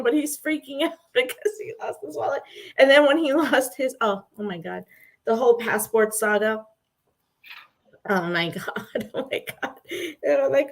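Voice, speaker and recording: A woman co-hosting a casual chat, telling stories in a gushing, animated way and laughing often. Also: sits high, moderate pace. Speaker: co-host.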